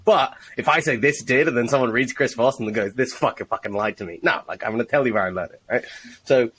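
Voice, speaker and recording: Husky-voiced man teaching sales, profane. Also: mid-range voice, quick pace, fairly bright tone, low-quality recording. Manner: profane, emphatic, teaching with examples. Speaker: sales trainer, co-host. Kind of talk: casual podcast chat.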